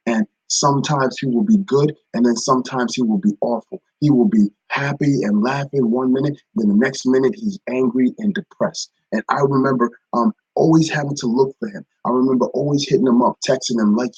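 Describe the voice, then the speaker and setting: A man's voice: medium pitch, expressive, a little fast, hardly any pauses, darkish tone, slightly rough, no room sound, highs cut off. A man giving a casual spoken devotional, repeating phrases and greeting viewers by name. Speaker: ministry speaker. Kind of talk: live-streamed devotional talk.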